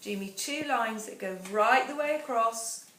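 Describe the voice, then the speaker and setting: A woman teacher giving a phonics dictation lesson, counting down and sounding out words slowly and patiently. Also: a little high, pushed and bright. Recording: echoey room, voice a bit far from the mic, faint background noise.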